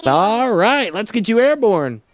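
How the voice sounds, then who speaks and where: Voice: medium pitch, sing-song, a little slow, a little hiss or hum, pitched above the performer's own voice. A streamer reading a game's dialogue aloud, voicing an eager male dodo who runs an airport counter with breezy patter. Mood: cheery.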